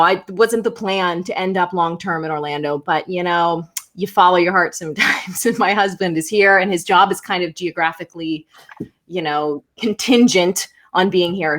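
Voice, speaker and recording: Laughing former news anchor, a woman. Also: mid-range voice. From Pittsburgh. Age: 30s. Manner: warm laughing, quick effusive talk. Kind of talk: casual interview chat.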